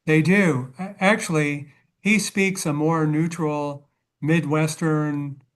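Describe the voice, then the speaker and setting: A man's voice: a little high, steady tone, takes it slowly. A man from Los Angeles, a webinar attendee, telling dry, joking anecdotes.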